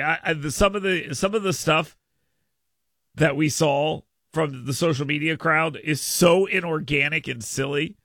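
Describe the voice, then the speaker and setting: A man's voice: fairly high pitch, bright, forceful tone, no echo, clean studio sound. A man hosting a political talk radio show, ranting sarcastically. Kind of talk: opinionated talk radio monologue.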